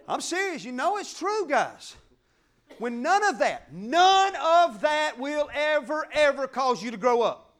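A fervent middle-aged pastor with an unusually high-pitched voice preaches a sermon at a measured pace. Very animated, he swings between ringing, emphatic declarations and quiet, intimate asides.

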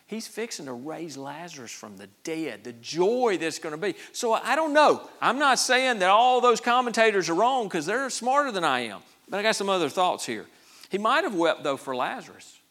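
A man's voice: on the high side, fairly bright tone. A man, preaching a sermon in a folksy, conversational way, often restarting his words. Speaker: pastor.

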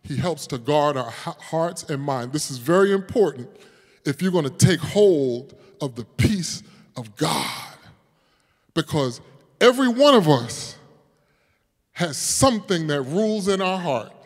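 Man, pastor, sermon, high voice, loud declarations and hushed prayer, long church-hall reverb. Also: lively intonation, a little slow. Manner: calls on the congregation, jokes and laughs with them.

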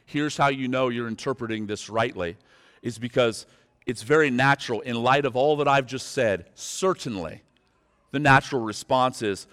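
A male pastor preaches from a church sanctuary, his voice carrying with a long hall reverb. He speaks directly to the congregation, dropping low and slow, then rising to loud, fervent appeals. His pitch sits in a middling range for a man. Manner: direct, pleading with listeners. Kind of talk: sermon.

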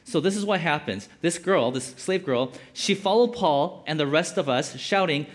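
A man's voice: fairly high pitch, lively intonation, normal speed, few pauses. A man giving casual Bible teaching as a preacher, conversational and full of filler words. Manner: conversational, lots of "like" fillers, acts out quotes.

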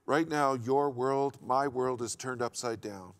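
A man's voice: mid-range voice, measured pace, smooth. A middle-aged man preaching a sermon in an earnest, emphatic way, often repeating key phrases and restarting his sentences. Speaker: pastor.

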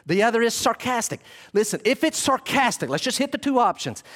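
Preaching fairly quickly in a very high voice, this pastor delivers an animated sermon and performs the voices he quotes.

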